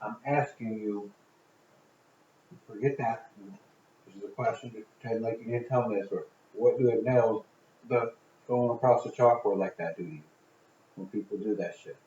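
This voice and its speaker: Podcast guy clowning around and swearing, gets loud, echoey room, muffled sound. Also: lowish voice, moderate pace, pauses often. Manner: joking, profane, bursts of loud excitement. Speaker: podcast co-host. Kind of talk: casual podcast chat.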